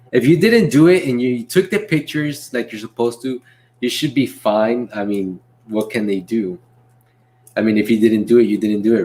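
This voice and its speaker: A man's voice: fairly low pitch, a little hiss or hum. Laid-back young man chatting on stream. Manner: laid-back, reads chat aloud, laughs often. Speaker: livestream host and delivery driver. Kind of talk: casual livestream Q&A reading chat.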